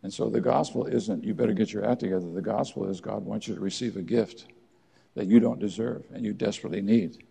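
A man preaching a sermon in church, earnest, with emphatic rises and quiet drops. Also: on the low side, fairly even intonation, fast, vocal fry, slightly rough. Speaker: pastor.

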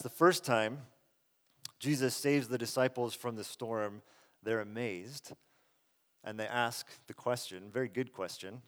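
A middle-aged man, a pastor, giving a conversational, earnest sermon that swells loud and drops soft. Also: medium pitch. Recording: long reverb of a large hall.

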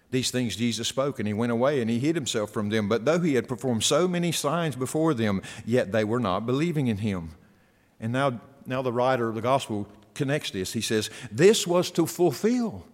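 Man preaching in a reverberant hall. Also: mid-range voice. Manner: reads scripture aloud, rising to loud emphatic preaching. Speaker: pastor. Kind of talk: sermon.

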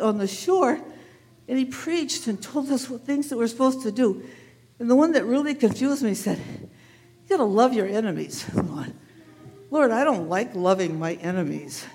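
A woman's voice: on the high side, a little mellow, long reverb tail, close to an everyday voice. A woman acting as a humble shepherd who tells children an earnest first-person story in church. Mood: wondering. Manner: earnest, tearful in grief. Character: humble shepherd telling his Easter story. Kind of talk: first-person dramatic monologue. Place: church sanctuary.

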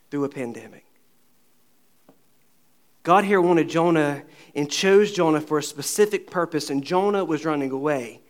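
A man preaching a sermon to his congregation, asking rhetorical questions and acting out the dialogue of the scripture story. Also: a little high. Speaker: pastor.

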